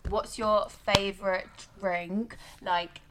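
A young woman from England chats casually as a podcast co-host. Her voice is relaxed and often trails off softly at the ends of her sentences. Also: medium pitch, slow, background noise. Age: young adult. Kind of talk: casual chat.

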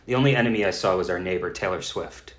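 Speaking quickly in a low-pitched voice, this travel podcast co-host keeps the chat casual, making self-deprecating jokes and laughing frequently. There's a roomy echo to the recording.

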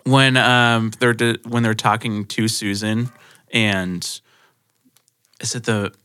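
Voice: medium pitch, flat delivery, slow pace, bright, forceful tone, clean tone. A podcast co-host in a casual movie review chat, playfully trading favorite scenes and laughing along.

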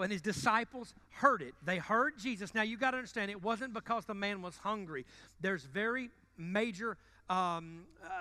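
Bright, high-voiced joking preacher. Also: male voice. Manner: joking and conversational, swinging between loud bursts and quiet asides. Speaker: pastor. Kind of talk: sermon. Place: church sanctuary.

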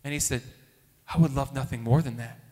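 A man telling a lively faith story as a testimony, acting out the voices of the people in it. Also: fairly quick. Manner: animated, acts out quoted voices with big pitch jumps. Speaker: speaker at a Catholic gathering. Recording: long hall reverb.

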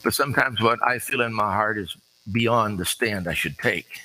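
A man's voice: fairly low pitch, moderate pace, sharp tone, a little hiss or hum, poor audio. A man preaching an earnest, conversational sermon with folksy asides.

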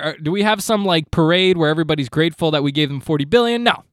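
Deadpan, mock-earnest male comedy podcast host. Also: on the high side, quick pace, no echo, studio quality. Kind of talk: comedic monologue.

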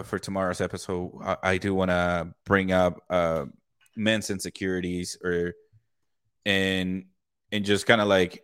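A man's voice: low voice, a bit bright, no echo, clean studio sound. A man co-hosting a podcast over a video call, talking casually with lots of fillers and frequent swearing. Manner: loose, swears a lot, filler-heavy. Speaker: podcast co-host.

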